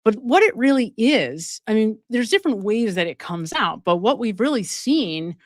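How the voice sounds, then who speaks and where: A woman's voice: a little high, sing-song, normal speed, dry recording, studio quality. A woman hosting a true-crime commentary livestream, talking emphatically and often checking in with viewers through rhetorical questions. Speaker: show host.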